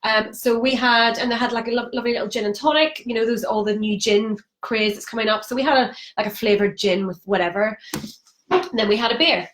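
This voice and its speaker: A woman's voice: a little high, brisk, fairly bright tone, low-quality recording. Frank, chatty woman vlogging. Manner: emotional, frank, chatty with many fillers. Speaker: vlogger sharing a sobriety challenge. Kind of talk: candid Facebook live monologue. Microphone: phone or webcam on a live stream.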